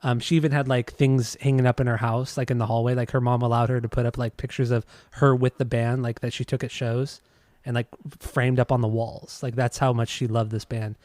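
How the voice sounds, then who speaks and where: A man's voice: medium pitch, flat delivery, fairly quick, few pauses, a little mellow, no echo. Rambling, swearing male podcast host. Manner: rambling, restarts and swears freely. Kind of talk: casual podcast chat about music.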